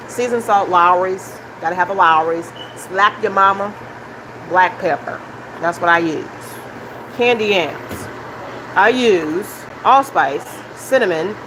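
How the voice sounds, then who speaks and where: A woman hosting a live cooking demonstration from her home kitchen, chatting and giving instructions as she works, recorded on a phone. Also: mid-range voice. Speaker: cooking show host. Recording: kitchen vent hum behind.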